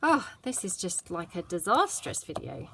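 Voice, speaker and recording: Lady doing a craft tutorial, lowish voice, chatty and self-deprecating, bit of faint noise behind. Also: big pitch swings, normal speed, vocal fry, sharp tone. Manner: chatty, self-deprecating, mutters while working. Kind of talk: casual craft tutorial narration.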